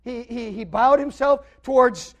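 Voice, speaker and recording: A man preaching a sermon, animatedly retelling a scripture story and acting out the characters, swinging between loud and quiet. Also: extremely high pitch, a little slow.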